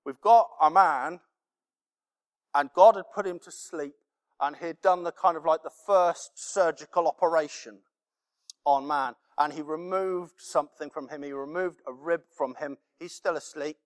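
A man's voice: a little high, measured pace. A male preacher giving a sermon, speaking emphatically with repeated phrases and rhetorical questions. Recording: long hall reverb.

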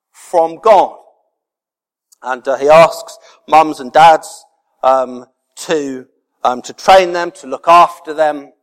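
A man preaching a sermon as pastor, earnest and repeating key words for emphasis. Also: a little high. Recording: reverberant hall.

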